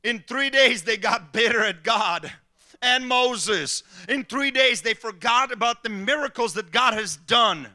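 A man's voice: extremely high pitch, unhurried. A man preaching a sermon as pastor, telling personal stories and acting out what people said to him. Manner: animated storytelling, acting out quotes.

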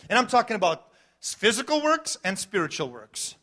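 A middle-aged man preaching a sermon as pastor, swinging between loud emphatic lines and quiet storytelling, laughing between points. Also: high voice, sing-song, normal speed. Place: church.

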